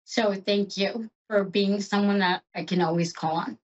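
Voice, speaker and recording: A woman's voice: mid-range voice, fairly even intonation, moderate pace, lo-fi sound. A woman hosting a psychic show, giving an emotional and chatty tarot reading.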